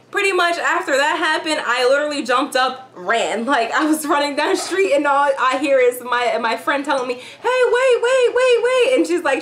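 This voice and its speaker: High-voiced woman telling a casual story. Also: a bit bright, slight background noise. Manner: chatty, profane, filler-heavy storytelling. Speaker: YouTube vlogger.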